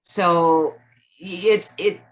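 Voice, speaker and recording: Low-voiced reflective woman on a video call. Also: steady tone, very slow. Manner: reflective, says "like" often. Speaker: co-host. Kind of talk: casual conversation on self-help.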